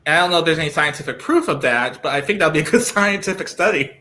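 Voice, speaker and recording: A man being interviewed over a video call, who often restarts his sentences while he searches for words and says he talks loudly. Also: a little high, lively intonation, fast. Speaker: guest. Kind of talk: live-streamed interview.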